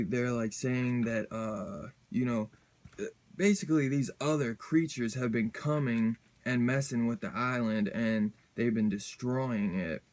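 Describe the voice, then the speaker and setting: A man hosting his own comic book review channel, talking casually and rambling with lots of fillers, restarts and slang. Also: medium pitch.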